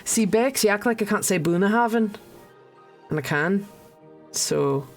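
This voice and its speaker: A woman's voice: mid-range voice, expressive, unhurried. A woman narrating as game master, rambling with many restarts and laughs. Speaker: dungeon master. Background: faint music.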